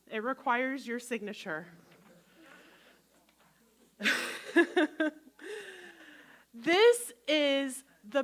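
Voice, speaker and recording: A woman minister giving a gentle, conversational sermon to a congregation, acting out inner voices as she talks. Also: sits high. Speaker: guest minister.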